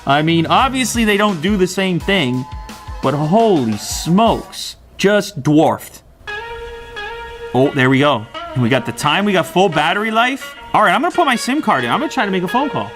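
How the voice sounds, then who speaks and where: Brief: male tech reviewer, slightly high voice, bouncy and animated, amazed and joking. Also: normal speed, soft background music. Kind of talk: casual unboxing review.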